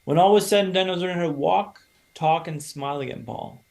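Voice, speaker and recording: A man in his thirties from Canada, a podcast guest telling his own story in a lively, casual way and acting out other people's lines. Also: sits high, fast talker, creaky. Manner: animated storyteller, acts out quoted voices.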